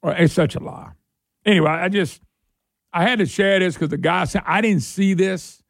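A man hosting an opinionated political talk show, sarcastic and quick to laugh. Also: creaky, dry recording, studio quality. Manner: sarcastic, laughs often, voice jumps high when mocking. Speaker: radio talk show host.

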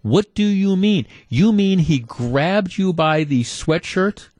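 Man doing an overprotective mom, raised pitch, shrill outrage, dry close sound, sardonic send-up. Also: expressive, takes it slowly, a little mellow, dry recording. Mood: indignant. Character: indignant overprotective mother, mocking.

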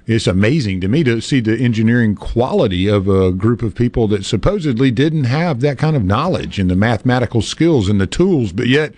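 A man's voice: medium pitch, animated, a little fast, hardly any pauses, darkish tone, no room sound. A man joining a talk radio chat, folksy and emphatic.

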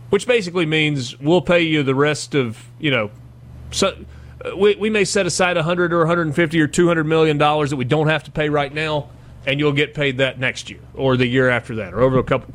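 A man, hosting a sports radio show in a chatty, self-deprecating way that turns animated when he jokes. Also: on the high side. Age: 40s. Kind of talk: casual sports radio talk.

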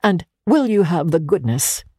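A woman's voice: on the low side, big pitch swings, measured pace, mellow, breathy edge, no echo, studio quality, heavily acted. A woman voicing a joyful old man, a reformed miser who is eager and effusive. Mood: eager, earnest.

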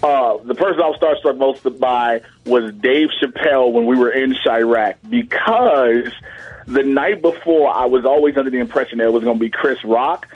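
A man, an actor and pro wrestler, guesting on a radio talk show and telling a lively story with excited acted-out quotes. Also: normal speed, husky, muffled recording. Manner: animated storyteller, acts out quotes in high excited voices. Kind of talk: casual radio interview storytelling.

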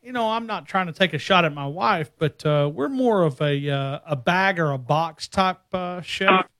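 A man's voice: high-pitched, normal speed, no echo. Southern man hosting a sports call-in show. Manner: relaxed, easygoing, many fillers. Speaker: sports radio host. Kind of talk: call-in radio chat.

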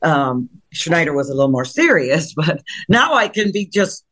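A woman, a stage actress, answering interview questions over a video call in a halting but enthusiastic way. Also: low voice, sing-song, a bit bright.

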